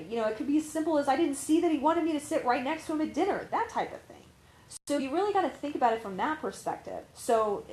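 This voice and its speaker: A woman's voice: fairly high pitch, echoey room, poor audio. A woman life coach giving casual, candid advice, rambling and swearing freely with lots of fillers. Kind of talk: casual talking-to-camera advice.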